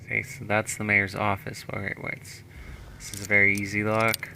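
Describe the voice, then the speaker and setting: A man's voice: on the low side, monotone, moderate pace, vocal fry, bright, forceful tone, slight background noise. A man streaming a video game live, chatting casually and thinking aloud as he plays.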